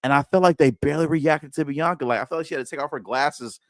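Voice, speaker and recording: A man co-hosting a casual wrestling chat stream, joking and animated, often stammering as he restarts his sentences. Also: fairly high pitch, fast, dry recording. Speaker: podcast co-host.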